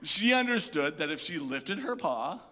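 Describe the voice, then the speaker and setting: A male pastor delivering a sermon, telling funny stories with lively asides. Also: on the high side, normal speed. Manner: animated storyteller, jokey asides. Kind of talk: sermon with humorous storytelling. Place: church hall. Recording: echoey hall.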